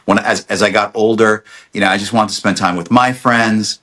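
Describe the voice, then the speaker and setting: A middle-aged man with a somewhat low voice tells a story in casual podcast chat. He slips into other people's lines as he goes, and stumbles over restarts along the way. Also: moderate pace. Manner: animated storyteller, acts out quotes, many restarts. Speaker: podcast guest, dentist.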